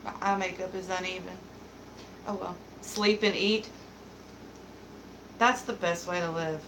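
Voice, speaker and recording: A woman's voice: on the low side, steady tone, a little slow, background noise. A woman hosting a casual home livestream, chatting and giggling as she reads viewer comments and talks to her dog. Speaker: livestream beauty host.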